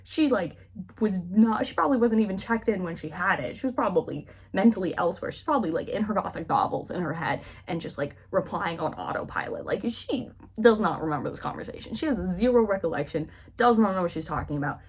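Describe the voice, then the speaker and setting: A woman book vlogger giving a chatty, animated recap of a novel, full of casual fillers. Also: medium pitch, fast talker, husky.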